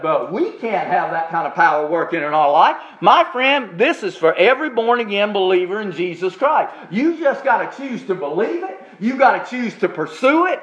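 A man preaching a sermon as pastor, stretching out key phrases slowly for emphasis. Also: sits high, fairly bright tone, dull audio. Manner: preaching with slow, drawn-out emphasis on key words.

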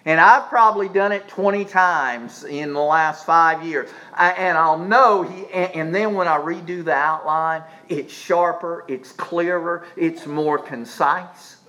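A man preaching a sermon as pastor, swinging from quiet low asides up to emphatic high peaks, often restarting his phrases. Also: unhurried, hardly any pauses, low-quality recording. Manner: repeats words and restarts phrases while speaking.

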